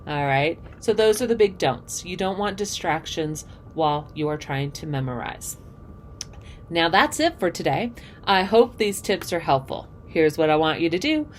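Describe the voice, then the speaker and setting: A woman's voice: medium pitch, animated, measured pace, slight background noise. A woman teaching theater, giving students friendly, direct advice and repeating key points to review them. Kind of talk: instructional talk to students.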